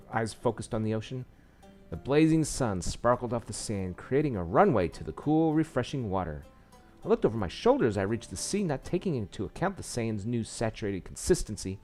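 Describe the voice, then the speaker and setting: A man's voice: mid-range voice, very animated, moderate pace, darkish tone, soft background music. A man reading a visual novel aloud, with small slips and asides, saying he is losing his voice. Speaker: game narrator.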